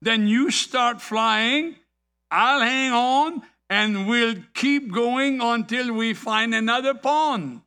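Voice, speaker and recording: A man's voice: very high voice, slow pace, bright, forceful tone, clean tone, exaggerated voice. A man voicing a scheming male frog in a parable told during a sermon, in a plain, slightly raised storytelling voice. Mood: eager.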